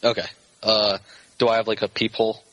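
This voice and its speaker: A man's voice: fairly low pitch, completely flat delivery, fairly quick, a bit bright, no room sound, poor audio. A man playing a tabletop role-playing game over a voice call, stating his moves cautiously. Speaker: player.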